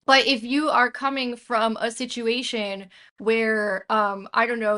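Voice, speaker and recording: A woman's voice: medium pitch, pushed and bright. A woman hosting a casual conversation, emphatic and opinionated, from the United States. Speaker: host.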